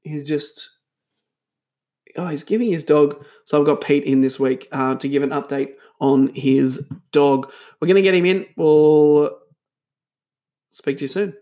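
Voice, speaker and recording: A man's voice: fairly high pitch, a little slow, warm tone. A man hosting a church podcast, chatting casually, teasing his guest and laughing often. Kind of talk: casual chat.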